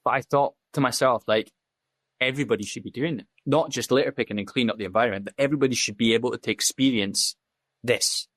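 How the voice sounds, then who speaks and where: A man talking as a podcast guest, candid and blunt, swearing freely and acting out quoted exchanges. His voice sits in a middling pitch. The sound is dry and close, with no room around it. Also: fast, fairly bright tone, no echo. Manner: blunt and profane, acts out quoted dialogue. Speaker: podcast guest, safety officer. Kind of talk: candid casual storytelling.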